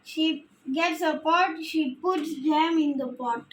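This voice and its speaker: Slow, high-voiced woman reading phonics. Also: fairly bright tone, a little hiss or hum. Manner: slow, careful word-by-word reading with restarts. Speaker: reading teacher. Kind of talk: slow phonics lesson and read-aloud. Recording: echoey room.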